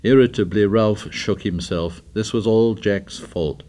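A man narrating a novel for an audiobook, measured and deliberate. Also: lowish voice, dark tone.

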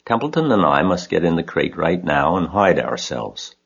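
A wise, composed spider from a storybook, read by a man in his own deep voice. She speaks softly and thoughtfully, with a husky edge. The recording is dull and lo-fi. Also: very animated, normal speed, heavily acted. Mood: calm. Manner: soft, composed. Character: wise calm female spider, kindly leader.

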